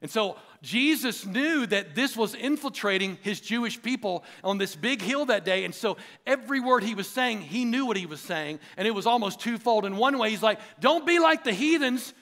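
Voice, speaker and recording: A man preaches to his church in an earnest, emphatic way, driving points home by repeating phrases. His voice sits high for a man. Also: lively intonation, normal speed, hardly any pauses, a bit bright. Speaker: pastor. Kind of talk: sermon.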